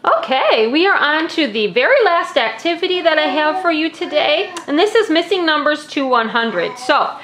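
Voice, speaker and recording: A woman's voice: high-pitched, big pitch swings, moderate pace, hardly any pauses, fairly bright tone, a little hiss or hum. A young woman casually demonstrating classroom activities, explaining each step with friendly "um"s.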